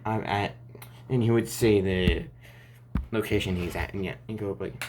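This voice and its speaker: A man's voice: on the low side, normal speed, darkish tone, a little hiss or hum. A man improvising a fan story aloud, rambling and restarting often between lines.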